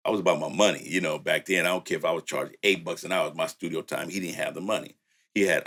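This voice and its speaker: Older male producer, low voice, easygoing storyteller with frequent laughs. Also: fairly even intonation, fast, fairly bright tone. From Louisiana and San Francisco. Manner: laid-back, laughs often, says "you know". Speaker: music producer and studio owner. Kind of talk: storytelling in casual conversation.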